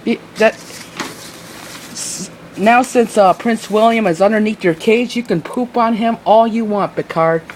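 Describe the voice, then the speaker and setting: A man rambling casually in a home video, often restarting his sentences. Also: measured pace. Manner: rambling, with many restarts and fillers; switches into high cooing baby talk for the bird. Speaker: video maker talking to his pet bird. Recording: noisy home recording.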